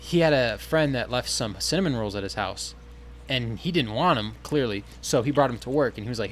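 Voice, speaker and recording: A man chatting casually on a podcast, telling an animated story full of swearing and acted-out quotes. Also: medium pitch, quick pace, a little hiss or hum. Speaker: podcast co-host.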